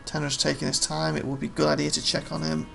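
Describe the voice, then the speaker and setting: A man playing a story game, reading its text aloud plainly with quick offhand comments. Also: fairly high pitch, flat delivery, creaky, fairly bright tone, soft background music. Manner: reads narration plainly, quick offhand asides. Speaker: let's play host.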